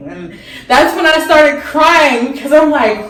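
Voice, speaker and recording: A woman's voice: fairly high pitch, expressive, slow pace, fairly bright tone. A young woman vlogger telling a story in a chatty, rambling way while doing her makeup, with lots of "like" fillers. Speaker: beauty vlogger. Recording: echoey room, mic at a distance.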